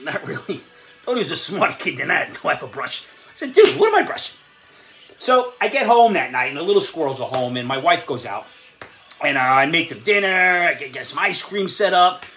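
A man in his fifties with a high voice that swings widely, ranting sarcastically as host of a comedy vlog. He breaks into laughs between jabs, and faint music plays behind him. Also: lively intonation, fairly quick, bright, forceful tone. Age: 50s.

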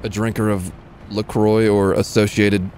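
A man's voice: on the low side, level tone, measured pace, darkish tone, slight background noise. A male streamer giving casual, chatty live commentary while he plays, answering his chat between moments of the match.

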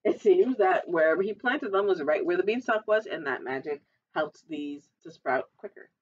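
A woman's voice: fairly low pitch, expressive, moderate pace, distant mic, muffled recording, a little hiss or hum. A woman librarian reading a picture book aloud at storytime, adding chatty asides to the children.

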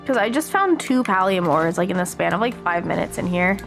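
An American woman streaming a game, chatting excitedly with her viewers as she plays. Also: fairly low pitch, a little fast, vocal fry, faint music behind. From United States. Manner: chatty, excitable, talks to chat while playing. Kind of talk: casual live-stream chat while gaming.

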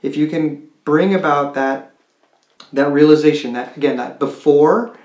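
A man's voice: a little high, unhurried, darkish tone. A man working as a college admissions counselor, explaining to students in a conversational way with rhetorical questions. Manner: conversational, with many restarts and rhetorical "right?". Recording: roomy echo.

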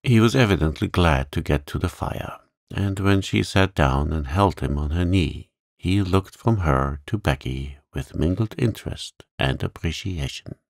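A man narrating a calm bedtime story in a gentle, soothing way. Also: low-pitched, a little slow, hardly any pauses, dry recording, clean studio sound.

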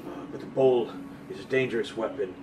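A game master voicing a wild-haired old male lighthouse keeper who rambles with halting restarts. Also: fairly low pitch, distant mic, noisy background, lightly acted. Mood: frantic.

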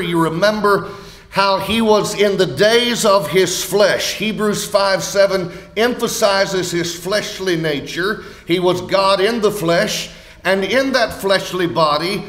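A male preacher with a Southern American accent delivers a sermon with a fairly high voice. He is dramatic, acting out the voices he quotes, swinging from loud and high to low and hushed. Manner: dramatic, acts out quoted voices with big swings in pitch and loudness. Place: lectureship hall.

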